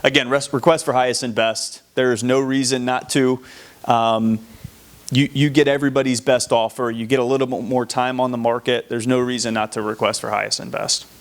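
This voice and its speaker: A man's voice: medium pitch, a little fast. A man with a Southern American accent giving plain, practical tips on selling homes. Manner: plain, steady, practical, a few restarts. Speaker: real estate agent co-presenter. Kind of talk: instructional talk.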